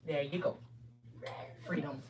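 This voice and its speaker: A Minnesotan woman with a strikingly deep voice talks unhurriedly on a casual home livestream. She drifts between relaxed chat with viewers and soft, doting coos to her pet, with a faint hiss of noise behind her. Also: takes it slowly. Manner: coos affectionately at her cat between chatty asides. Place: home room.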